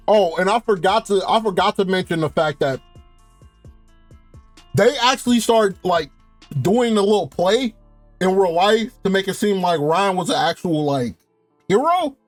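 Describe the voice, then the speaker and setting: A young man with a high, bright speaking voice, rattling off a casual, profane TV recap. He laughs often and gets worked up as he talks. The sound is dry and close, with faint music underneath. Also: no room sound. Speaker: TV show reviewer. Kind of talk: casual review rant.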